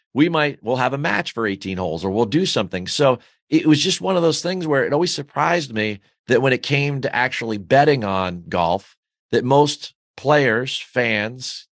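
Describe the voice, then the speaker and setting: A man's voice: medium pitch, fairly bright tone, no echo, studio quality. A man being interviewed as a guest, talking with enthusiasm in a rambling way with many fillers. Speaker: golf betting newsletter founder, guest. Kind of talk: podcast interview.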